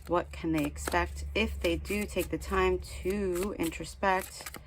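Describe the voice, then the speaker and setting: A woman does an informal tarot reading with a spiritual bent, rambling chattily, restarting often and leaning on fillers as she sincerely urges the listener on with gentle scolding. She speaks slowly in a fairly low, fairly even voice over a noisy background.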